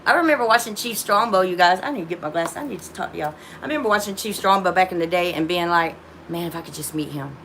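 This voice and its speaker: A woman's voice: fairly low pitch, quick pace, few pauses, a bit bright, a little hiss or hum. A woman with grown children hosting a casual livestream from her phone, rambling with many restarts and talking to viewers as y'all. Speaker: livestream host.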